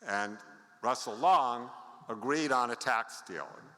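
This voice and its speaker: A man's voice: medium pitch, a little slow, bright, forceful tone. A man in his seventies giving a conference talk, telling anecdotes with wry asides to the audience. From United States. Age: 70s. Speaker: conference speaker. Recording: long reverb of a large hall.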